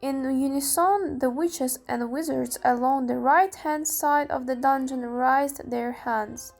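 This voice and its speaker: A young woman narrates a novel in careful, measured phrases. Her voice is high and she reads slowly. Soft music plays faintly behind. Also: fairly even intonation, creaky. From Ukraine. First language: Ukrainian. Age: young adult. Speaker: student reader. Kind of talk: audiobook narration.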